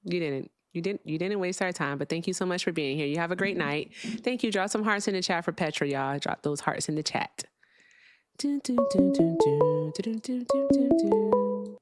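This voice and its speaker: A woman's voice: fairly low pitch, fairly quick, faint music behind. A woman hosting a live call-in debate show, blunt and sarcastic, now and then swearing. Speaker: host.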